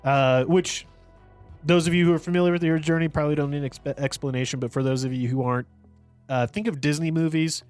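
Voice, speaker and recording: A man's voice: a little high, fairly even intonation, quick pace, darkish tone, soft background music. A man co-hosting a podcast, reviewing a movie in casual, rambling chat full of fillers and restarts. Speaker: podcast co-host.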